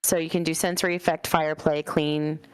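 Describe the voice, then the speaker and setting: A woman's voice: low voice, flat delivery, brisk, clean tone, dry recording. A woman playing a tabletop game, talking hesitantly with many fillers. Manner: hesitant, filler-heavy, laughing easily. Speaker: player. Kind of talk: casual tabletop game play.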